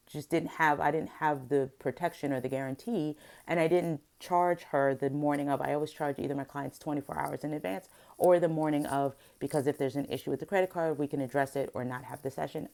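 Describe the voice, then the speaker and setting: Gravelly, low-pitched and a little mellow, this middle-aged woman's voice carries an upsetting confession on her vlog. She is a vlogger and therapist, and she vents emotionally, restarting often.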